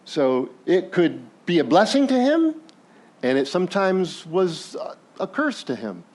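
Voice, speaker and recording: A man preaching a sermon with a fairly high voice that swings widely up and down. He talks to the congregation in a conversational way, asking them questions. He briefly acts out characters as he tells the story. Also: unhurried. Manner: animated, acts out biblical characters in passing. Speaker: pastor.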